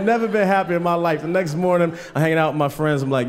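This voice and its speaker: A man's voice: a little high, moderate pace, a little hiss or hum. A man doing a stand-up set in a comedy club, telling loose stories full of swearing and acting out the people in them. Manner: loose storytelling, swearing, acts out voices.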